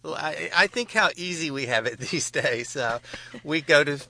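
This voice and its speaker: A man's voice: fairly high pitch, moderate pace, vocal fry, sharp tone, a little hiss or hum. A man hosting a radio talk show from a studio, easygoing and conversational. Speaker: radio host.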